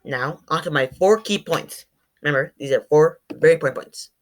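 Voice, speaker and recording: A student presenter, a woman with a deep voice, speaks at a moderate pace to her class. She demonstrates sounds by saying sample words aloud, stumbling now and then and correcting herself.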